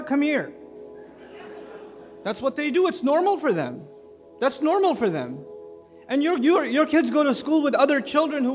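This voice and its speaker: Man preacher, high voice, lively and joking with the crowd, echoey hall, faint music. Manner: animated, humorous, conversational preaching. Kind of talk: sermon.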